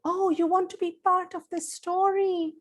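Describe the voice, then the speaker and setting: A woman telling a story to children in an animated, sing-song way, coaxing them to join in. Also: extremely high pitch, measured pace.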